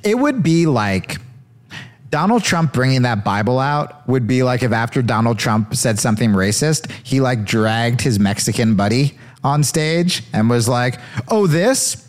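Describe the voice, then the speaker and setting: A man's voice: mid-range voice, lively intonation, measured pace. A man hosting a show, riffing sarcastically as he comments on video clips. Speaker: comedian host.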